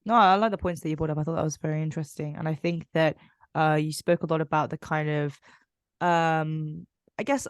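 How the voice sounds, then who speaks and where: A woman's voice: low-pitched, steady tone, a little fast, clear, resonant tone, dry recording, clean studio sound. A woman hosting a podcast interview, reflecting on her guest's points and summing them up with frequent fillers. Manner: reflective, summarizing, many fillers. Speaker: podcast host.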